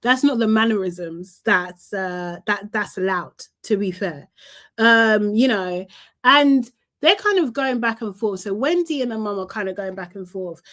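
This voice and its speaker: A woman's voice: medium pitch, lively intonation, a little slow, a bit bright. A young woman, chatting animatedly through a casual live recap and laughing often. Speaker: reality TV recap host.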